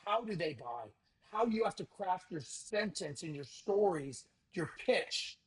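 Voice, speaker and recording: A man talks as a podcast guest in a casual, energetic interview. His voice sits high, and he pitches with a salesman's drive, acting out bits of dialogue as he goes. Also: measured pace. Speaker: podcast guest, event organizer.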